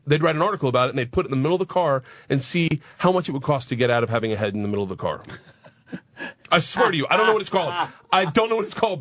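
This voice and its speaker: A man telling a wild story as a guest on a radio talk show, fast, profane and animated. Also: medium pitch, no echo. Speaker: guest comedian.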